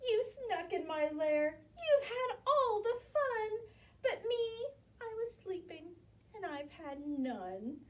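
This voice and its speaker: Woman voicing a storybook bear, big male, grumpy and whiny, tearful complaint, high and lively, heard from a distance. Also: slow, exaggerated voice. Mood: sulky, tearful.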